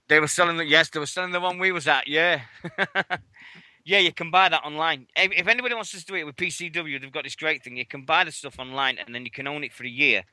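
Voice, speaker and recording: A man's voice: mid-range voice, bright, forceful tone, no echo. A man hosting a radio show, telling stories in casual, sweary chat and acting out what others said. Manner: chatty, sweary, acts out others' lines.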